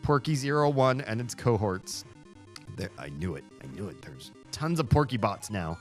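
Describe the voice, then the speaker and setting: A man hosting a video game playthrough, chatting along in an animated way and laughing often. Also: fairly low pitch, moderate pace. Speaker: let's play host. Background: faint game music.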